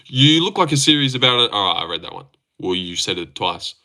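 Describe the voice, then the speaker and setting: A man's voice: medium pitch, very animated, a little fast, pushed and bright. A young man hosting a casual livestream, reading chat aloud and joking around with plenty of swearing. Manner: sweary, joking, laughs often.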